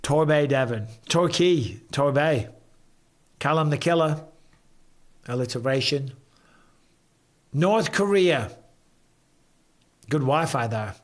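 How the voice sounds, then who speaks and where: A man hosting a casual live stream from home, chatting and reading viewer comments aloud with quick banter. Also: on the high side, animated.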